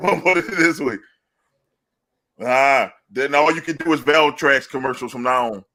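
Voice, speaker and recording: A man's voice: mid-range voice, a little slow. A man hosting a casual sports podcast, swearing freely and laughing through his jokes. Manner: profane, laughs often, animated storytelling. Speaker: podcast host.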